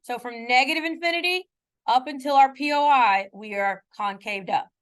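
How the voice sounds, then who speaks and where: A woman teaches a math class in a clean, high-pitched voice that's a bit bright, speaking at normal speed. She's casual, often asks if students are keeping up, and teases herself about her mistakes.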